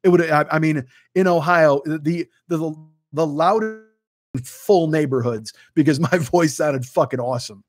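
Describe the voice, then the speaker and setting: A man's voice: a little high, moderate pace, no room sound, soft background music. Profane rambling man in his fifties. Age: 50s. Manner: profane, rambling, self-mocking. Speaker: host. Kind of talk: casual livestream chat answering viewers. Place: home studio with green screen.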